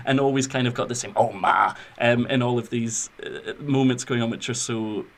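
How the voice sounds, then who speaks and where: A man's voice: medium pitch, little pitch movement, brisk. A man hosting a podcast, gushing about films in a rambling, casual way with lots of fillers. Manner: effusive, rambling with fillers and restarts. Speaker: podcast host. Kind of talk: casual film discussion.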